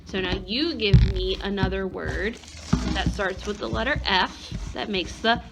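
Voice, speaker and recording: A woman's voice: medium pitch, unhurried, creaky, noisy background. A woman teacher giving a one-on-one phonics lesson, patiently sounding out letters and words.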